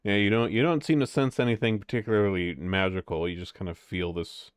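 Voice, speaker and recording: A man's voice: on the low side, steady tone, fairly quick, smooth, no room sound, studio quality. A man narrating as game master of a tabletop game, rambling with lots of fillers.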